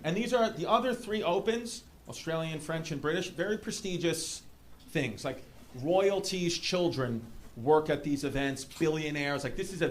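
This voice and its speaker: A man from New York City with a New York accent, doing a stand-up comedy set with rambling, animated storytelling. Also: a little high. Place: comedy club stage. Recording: live club room with audience noise. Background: audience laughter.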